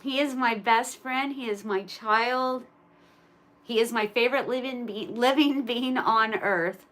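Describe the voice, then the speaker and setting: A woman chatting casually on a live stream, thinking aloud and talking to her viewers, turning loud and excited at a win and cooing to her pet. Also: fairly high pitch, measured pace. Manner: gets excited and loud at wins. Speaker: live streamer scratching lottery tickets.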